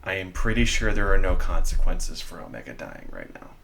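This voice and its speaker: A man narrating a tabletop game as game master, in a measured, descriptive way with many fillers. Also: low-pitched, big pitch swings, gravelly, sharp tone, slight background noise.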